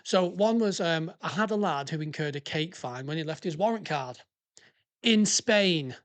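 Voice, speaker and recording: A man's voice: fairly high pitch, expressive, moderate pace, a bit bright. A man, a podcast host and former police officer, giving heated, sweary commentary on listener stories. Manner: sweary, heated and ranting, breaking into laughs. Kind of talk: ranting casual commentary on listener submissions.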